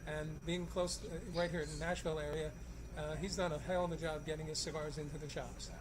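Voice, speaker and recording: A man's voice: a little high, little pitch movement, brisk, low-quality recording. A man presenting a regular segment from a crowded cigar shop, folksy and chatty with many fillers. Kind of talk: casual joke-telling segment. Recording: busy shop background chatter. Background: crowd of customers.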